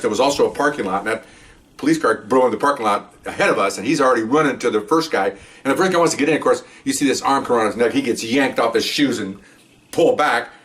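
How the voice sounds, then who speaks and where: An older man rattles through a patrol story at a quick clip, wandering into asides and checking in with his listener. His voice comes from some distance away from the mic. He tells it casually, as a retired cop. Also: mid-range voice, fairly bright tone. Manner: rambling, with many asides and "okay?" check-ins. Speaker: retired police officer telling stories.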